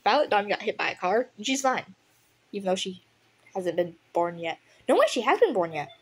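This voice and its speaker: A young woman casually reading a story aloud, giggling and reacting excitably to the plot as she goes. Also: medium pitch, a little fast, husky. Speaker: audiobook reader.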